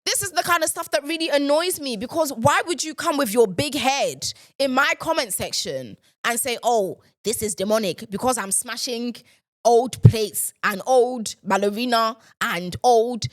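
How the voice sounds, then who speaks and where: Lady host going off on a rant, kinda high voice, keeps repeating herself. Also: expressive, normal speed, no room sound, studio quality. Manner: exasperated, ranting, repeats herself. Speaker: podcast host. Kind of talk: casual ranting monologue.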